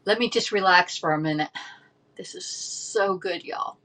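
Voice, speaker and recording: A woman's voice: on the low side, measured pace, fairly bright tone. A woman, chatting casually on a livestream from home and rambling through a story with lots of fillers. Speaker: livestream host.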